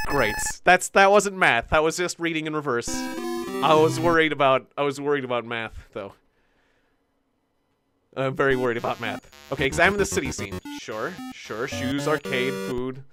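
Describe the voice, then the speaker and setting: A man's voice: mid-range voice, expressive, moderate pace. A man streaming a game live, talking nervously to chat with lots of stammered restarts and self-mocking laughs. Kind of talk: live gameplay commentary. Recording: game music playing behind. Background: game music.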